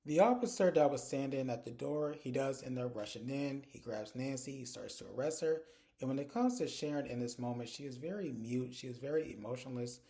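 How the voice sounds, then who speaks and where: A man with a warm, mellow voice at an average pitch talks through a TV episode he watched. His delivery is chatty and animated, and he keeps slipping into quoted dialogue as he retells each scene. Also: fairly quick, creaky. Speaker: TV episode reviewer. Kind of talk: casual recap vlog.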